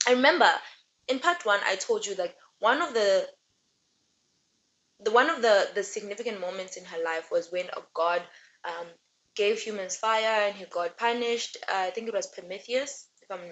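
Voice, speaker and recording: A young woman giving a casual book recap and rant, chatty and rambling with animated asides. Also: medium pitch, normal speed, muffled recording. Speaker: book reviewer.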